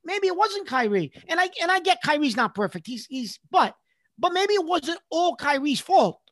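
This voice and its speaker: A man's voice: extremely high pitch, big pitch swings, normal speed, fairly bright tone, no room sound. Questioning man on sports radio. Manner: questioning, thinking aloud, hesitant. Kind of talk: casual sports talk.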